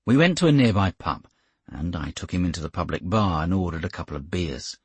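A man narrating a first-person audiobook in a measured, wry way. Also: low-pitched, animated, slightly rough, dry recording.

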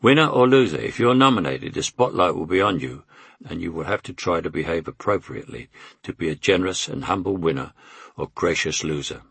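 A man's voice: deep voice, animated, brisk, creaky, a bit bright, breathy edge, no echo. A man in his eighties with a London Cockney accent, reading his memoir in a wry, conversational way. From England. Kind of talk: audiobook memoir narration.

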